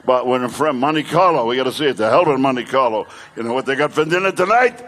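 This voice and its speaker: An older male comedian doing stand-up, telling brash rapid-fire jokes. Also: mid-range voice, lively intonation, fairly bright tone.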